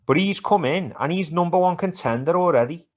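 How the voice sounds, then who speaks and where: A man co-hosting a podcast, chatting in a sweary, animated, teasing way. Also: a little high, a little fast. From England. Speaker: podcast co-host. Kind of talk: casual banter about football and MMA.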